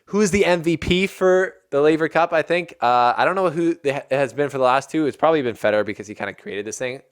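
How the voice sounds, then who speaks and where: A man hosting a casual tennis recap video, chatty and excitable and often breaking into laughter. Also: fairly high pitch, fast talker, smooth.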